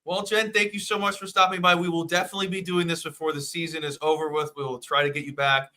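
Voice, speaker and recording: A man hosting a sports betting show, talking in a hyped, jokey, fast-riffing way. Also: on the high side, flat delivery, bright, forceful tone. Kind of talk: casual sports betting chat.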